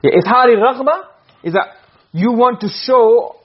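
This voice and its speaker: A male teacher explains a lesson point by point and repeatedly asks whether students follow. His pitch is extremely high, his pace a little slow, and his voice slightly rough; the recording has its highs cut off.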